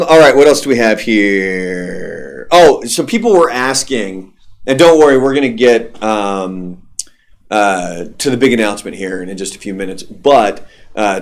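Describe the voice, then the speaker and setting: A young adult man, a radio host, telling stories in casual, profane chat. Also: on the low side. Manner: loose, profane storytelling.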